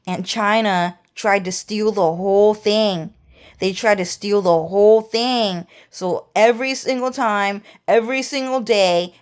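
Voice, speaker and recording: A woman's voice: mid-range voice, smooth. A woman vlogger talking in a rambling monologue, repeating words and restarting her phrases.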